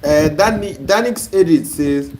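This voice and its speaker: A man's voice: on the high side, lively intonation, measured pace. A man with a Nigerian accent teaching a live-stream lesson, reading viewer comments and bluntly scolding wrong answers. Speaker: online course teacher. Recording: noisy live-stream audio.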